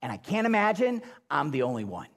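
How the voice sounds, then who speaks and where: A middle-aged man preaching a sermon as pastor, swinging between loud emphatic bursts and low hushed lines. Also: very animated, brisk, vocal fry.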